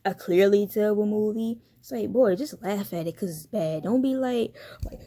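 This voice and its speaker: A young woman with a warm, mellow voice rants through a casual commentary vlog. Her talk is blunt and profane, full of slang, and broken up by easy laughter. She sounds like a YouTuber riffing straight to her viewers. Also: mid-range voice, moderate pace.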